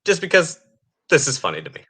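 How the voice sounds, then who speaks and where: A man's voice: a little high, wildly swooping pitch, quick pace, bright, forceful tone, husky. A man co-hosting a casual podcast, giving sarcastic political opinions and laughing between points. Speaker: podcast co-host.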